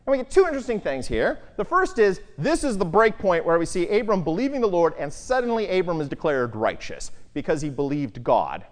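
A Bible teacher giving an animated talk and putting rhetorical questions to the listeners. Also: mid-range voice, fairly quick, hardly any pauses. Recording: long hall reverb.

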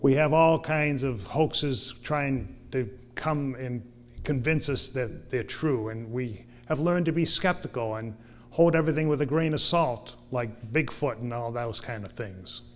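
A man preaching a sermon, reading scripture slowly and then pressing his point with earnest emphasis. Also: medium pitch. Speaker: pastor.

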